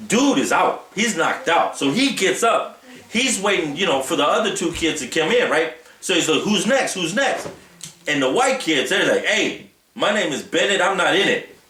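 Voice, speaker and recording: A man vlogging in a casual storytelling style, animated and often adding "right?" as he talks. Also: fairly high pitch, roomy sound, slight background noise. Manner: animated, tags lines with "right?". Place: Japan.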